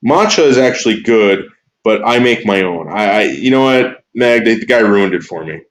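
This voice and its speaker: A man with a fairly low voice talks casually to his livestream chat, rambling from one thought to the next. He swears freely and stumbles over the first words of his sentences. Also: expressive, normal speed, slight background noise. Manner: profane, rambling, repeats words when starting sentences.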